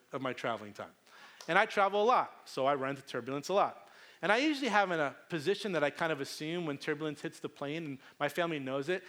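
Male pastor, middle-aged, high and lively, animated storyteller for a sermon. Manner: animated storytelling with acted-out voices.

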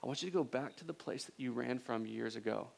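A man voicing God speaking from a burning bush, calm and hushed. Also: medium pitch, fast, creaky. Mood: calm, commanding.

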